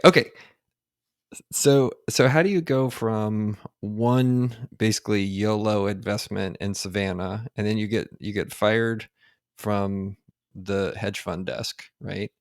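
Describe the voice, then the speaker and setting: Low gravelly guy hosting a podcast, laid back, laughs a lot, dry close sound. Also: no room sound. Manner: relaxed, laughs easily while asking questions. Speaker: podcast host. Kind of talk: casual interview chat.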